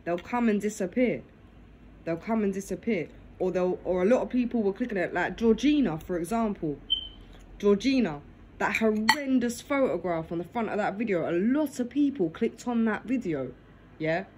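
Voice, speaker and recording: A woman's voice: mid-range voice, animated, moderate pace, background noise. Chatty woman vlogging from her phone. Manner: tags nearly every phrase with "yeah?"; talks while eating dinner. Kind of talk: casual chat to camera. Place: living room at home. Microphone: phone on her lap.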